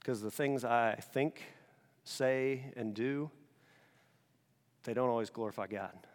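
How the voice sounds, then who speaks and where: A male pastor preaching a sermon in a conversational, animated way, alternating between loud emphasis and quiet, intense passages. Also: mid-range voice, slow pace, in a large hall. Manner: casual conversational asides.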